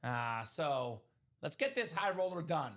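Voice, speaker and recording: Energetic bright-voiced male stream host. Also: fairly high pitch, measured pace. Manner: energetic hype, jokey, fillers. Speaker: live-stream card break host. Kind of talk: upbeat sales patter and banter. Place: streaming studio.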